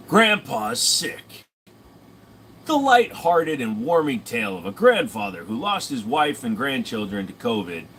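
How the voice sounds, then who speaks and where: A man parodying a movie-trailer announcer with slow, drawn-out announcing. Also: mid-range voice, a bit bright, slight background noise, pitched above the performer's own voice, heavily acted.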